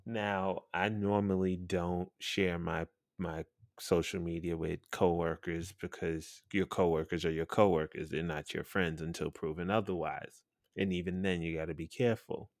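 A man's voice: deep voice, steady tone, moderate pace, dry recording, studio quality. A man hosting a podcast, telling a story in a blunt, profane, chatty way and laughing now and then. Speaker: podcast host and radio personality.

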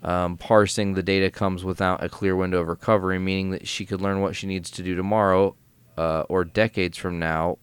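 A man's voice: low-pitched, level tone, brisk, smooth, no echo. A man co-hosting a podcast, casually recapping a comic story in a rambling, filler-heavy way. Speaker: podcast co-host.

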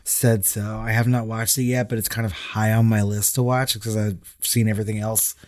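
A man's voice: fairly low pitch, level tone, brisk, a little mellow. A man co-hosting a casual horror movie podcast, chatting and reading listener messages aloud. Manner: reads listener messages aloud, stumbles over words. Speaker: podcast co-host.

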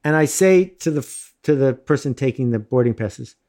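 A middle-aged man casually telling a self-mocking anecdote in lively bursts. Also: medium pitch, normal speed. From United States. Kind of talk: casual storytelling.

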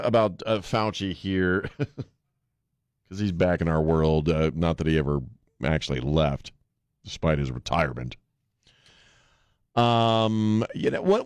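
A man with a very low, deep voice hosts a talk radio show in a dry studio. He jokes bluntly and rambles, with plenty of fillers between his points. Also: dry recording. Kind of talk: casual talk radio banter. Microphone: studio microphone.

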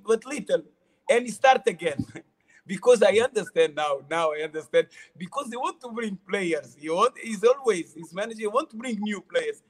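Middle-aged ex-footballer, high voice, non-native English, halting and repetitive, casual storyteller. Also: male voice. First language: not English. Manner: halting non-native English, repeats words, frequent laughs. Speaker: former footballer, interview guest.

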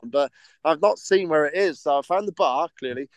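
A podcast co-host with a slightly high voice rambles through a casual chat at normal speed, hesitant, full of ums and restarts, and laughing easily. There is no room sound.

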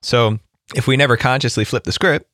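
A man's voice: medium pitch, fairly even intonation, a little fast, a bit bright, no room sound, studio quality. A man hosting a podcast, talking things through in a reflective, casual way and often checking in with "right?". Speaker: podcast host. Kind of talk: casual conversation.

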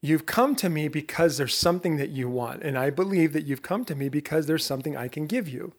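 Man, middle-aged, slightly high voice, motivational podcast host, animated, chatty, restarts his sentences. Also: fairly quick. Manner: animated, talks straight to the listener with rhetorical questions; self-interrupting, laughs at himself. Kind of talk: motivational talk to camera.

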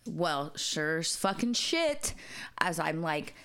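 A woman's voice: low-pitched, very animated, slow, a bit bright, clean tone. A woman co-hosting a podcast, telling stories in casual chat, swearing often and laughing a lot. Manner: profane, storytelling, laughs a lot. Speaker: podcast co-host.

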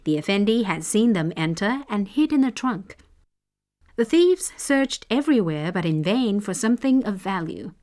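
Woman host reading folk stories, measured and expressive, mid pitch. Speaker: storyteller host. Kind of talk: scripted narration.

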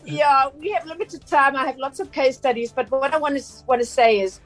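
Give me a chatty South African woman explaining consumer rights on the radio, her voice on the high side. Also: brisk, soft background music, rough recording. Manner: chatty and explanatory, with frequent fillers and restarts. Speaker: consumer journalist on a radio show. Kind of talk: radio talk segment.

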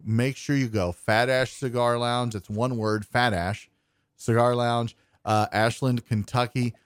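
A man's voice: medium pitch, flat delivery, measured pace, smooth, no room sound, clean studio sound. Rambling self-deprecating man telling stories. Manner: rambling, self-deprecating, quotes people in dialogue. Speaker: podcast co-host. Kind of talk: casual storytelling chat.

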